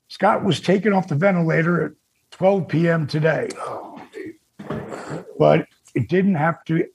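A man's voice: a little high, gravelly, a little mellow, husky. An older man hosting a podcast, reading out an emotional tribute, choked up and near tears, swearing as he talks. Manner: reads a tribute, breaks into tears and profanity. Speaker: podcast host.

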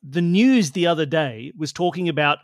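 An Australian man chatting as a podcast guest, jokey and animated. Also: on the high side, normal speed, dry recording, studio quality. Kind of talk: casual chat.

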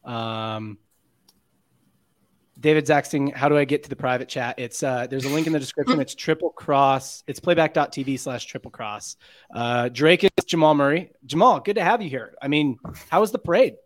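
A man's voice: on the high side, moderate pace. A man hosting a casual sports podcast, joking, laughing and reading the live chat aloud. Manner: jokey, laughs often, reads chat comments aloud. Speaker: podcast host.

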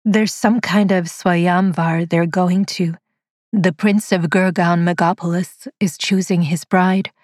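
A woman voicing a battered, weary young woman who speaks quietly and submissively in a storybook reading. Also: fairly low pitch, steady tone, slow pace, no echo, clean studio sound. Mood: subdued. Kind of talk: audiobook dialogue read by a narrator.

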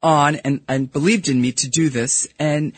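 Husky Brooklyn woman, dry close sound. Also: low voice, steady tone, no echo. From New York. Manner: emphatic, candid, talks in quick bursts. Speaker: guest. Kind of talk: casual studio interview. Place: radio studio.

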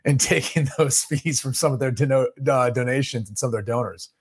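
A man with a mid-range voice co-hosts a sports podcast in relaxed, joking chat. Now and then he slips into mock voices to make his point. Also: mid-range voice, fairly quick, husky. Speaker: podcast co-host.

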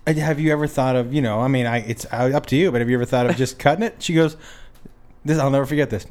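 A man's voice: mid-range voice, fast, a little hiss or hum. A man telling a comic story in a casual chat, laughing often and acting out the quotes. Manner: animated, laughs through his stories, acts out quotes.

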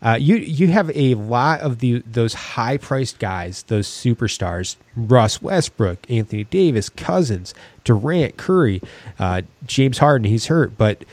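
A man's voice: medium pitch, lively intonation, measured pace, darkish tone, no echo. A man co-hosting a casual sports podcast, talking in a rambling way with many restarts. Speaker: podcast co-host.

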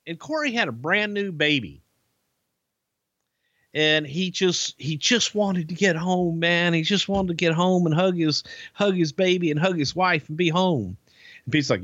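A man casually telling a profane, animated anecdote on a podcast. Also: a little high, a little slow, no room sound. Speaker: podcast storyteller. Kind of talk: casual storytelling. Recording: dull lo-fi podcast audio.

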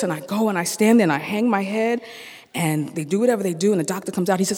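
Animated storyteller in an echoey hall. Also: medium pitch, moderate pace. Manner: animated, acting out the dialogue. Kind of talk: live stage storytelling. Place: theater stage.

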